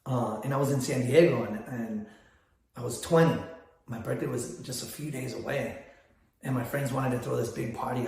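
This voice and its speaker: An older man talks in a loose, rambling vlog monologue, often restarting his sentences. His pitch sits in the middle range, and the room around him is heavily echoey. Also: gravelly, darkish tone. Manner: rambling, storytelling with many restarts. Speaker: photography business vlogger.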